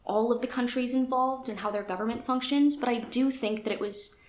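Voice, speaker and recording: Woman, kinda high voice, rambly chatty co-host, reads stuff off a site, echoey room. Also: steady tone, brisk, darkish tone. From United States. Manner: chatty, filler-heavy, self-deprecating. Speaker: podcast co-host. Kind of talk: casual chat, reading from a website.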